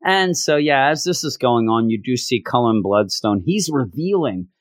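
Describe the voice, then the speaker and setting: Male podcast host, lively and sarcastic, mock voices for scenes, dry close sound. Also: medium pitch, moderate pace, no room sound. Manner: sarcastic and exasperated. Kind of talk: casual comic book review.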